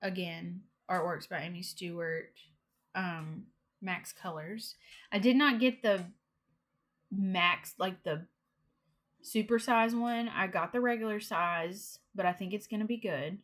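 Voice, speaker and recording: A young woman casually chatting through a cross-stitch haul, excitable and gushing, with giggles. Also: on the low side, measured pace. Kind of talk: casual show-and-tell haul chat.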